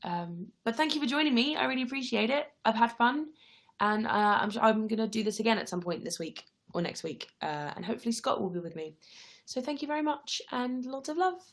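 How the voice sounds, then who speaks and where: A woman's voice: on the high side, expressive, fairly quick, creaky. A young woman hosting a casual livestream, answering viewer questions in a chatty, friendly way while tired and yawning. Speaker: livestream host.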